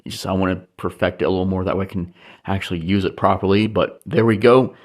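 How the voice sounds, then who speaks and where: Young man, low-pitched voice, casual chatty vlog, talks to viewers, indoor room, camera mic. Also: monotone, racing. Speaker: hobby vlogger. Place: indoor room lit by disco lights.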